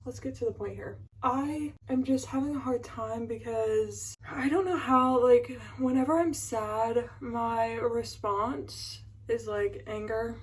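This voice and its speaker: A woman's voice: medium pitch, slight background noise, poor audio. A woman in her twenties chatting casually to a phone camera at home, rambling with lots of fillers and emotion. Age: 20s. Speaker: vlogger. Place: at home, indoors.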